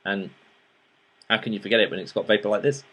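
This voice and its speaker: A man with a lowish, slightly bright voice talks fast as he hosts a casual show-and-tell review of vaping gear. He rambles chattily, restarting sentences and using fillers, then turns earnest and pleading when urging viewers to take action.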